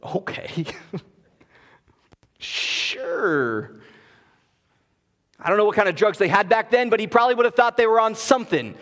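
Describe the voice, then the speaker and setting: A man preaching from the pulpit with a notably high voice, swinging between loud, emphatic declarations and hushed, intimate passages. His sermon rings through a church sanctuary with a long, lingering reverb. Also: rapid-fire, hardly any pauses. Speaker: pastor.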